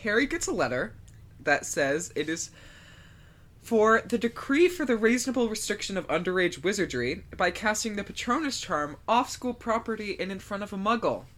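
A woman's voice: mid-range voice, sing-song, moderate pace, a bit bright. A woman co-hosting a book podcast, recapping the chapter in a dry, wry casual way. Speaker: podcast co-host.

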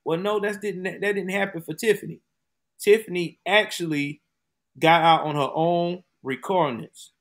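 Male true-crime podcast host, higher-pitched, emphatic, speaks directly to the audience. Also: fairly bright tone. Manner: emphatic, talks straight to listeners.

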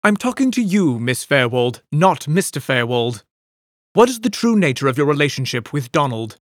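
A man's voice: on the high side, very animated, normal speed, no echo, clean studio sound. A man voicing a stern, formal middle-aged woman official in an audiobook, speaking in a clipped, formal way.

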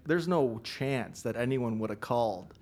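A man's voice: mid-range voice, measured pace, darkish tone. A man, a contractor on a podcast, telling a wild story in a casual way, swearing freely and laughing as he goes.

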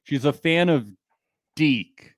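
A man's voice: a little high, slow pace, dry recording, studio quality. A man co-hosting a podcast, chatting casually and playfully about a reality show episode, laughing often. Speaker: podcast co-host.

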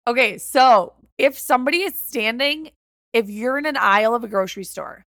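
Playful woman from Wisconsin, fairly high voice. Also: normal speed, fairly bright tone, no echo, studio quality. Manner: playful, teasing, acts out goofy voices. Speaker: podcast co-host. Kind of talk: casual chat.

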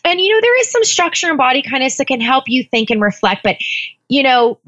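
Author guest, woman, high voice, encouraging, slightly muffled audio. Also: very animated, a little fast, a bit bright. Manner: encouraging, acts out inner voices. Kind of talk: podcast conversation.

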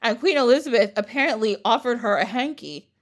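A woman hosting a podcast, telling a story in a casual, animated way, laughing and swearing casually. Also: on the high side, a little fast. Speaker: podcast host.

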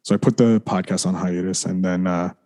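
A man with a fairly low, mellow, unhurried voice tells his story as a podcast guest. He rambles, fills gaps with "like", restarts his sentences, and sometimes swears and then apologizes. On the painful parts his voice sinks lower and quieter. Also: fairly even intonation. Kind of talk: candid personal storytelling.

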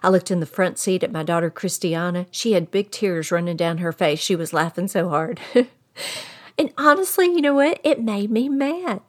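A middle-aged woman with a Texan accent, a grandmother and podcast host, telling a folksy story straight to her listeners in an animated way. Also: on the low side, normal speed. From Texas. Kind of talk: storytelling monologue.

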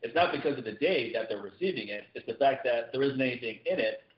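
A man co-hosting a podcast in casual chat, talking quickly and often restarting his sentences as he builds a point. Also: medium pitch. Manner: fast, animated, repeats words when starting sentences. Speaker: podcast co-host. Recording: dull, echoey room audio.

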